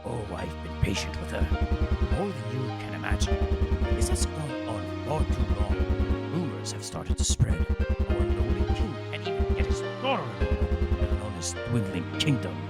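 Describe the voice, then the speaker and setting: An aging monarch, proud and quick to anger, who barks his orders in a loud, commanding voice. His pitch rises and falls widely. A streamer voices him while reading the game aloud, with loud music behind. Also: big pitch swings, lightly acted. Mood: furious. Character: angry, proud old king.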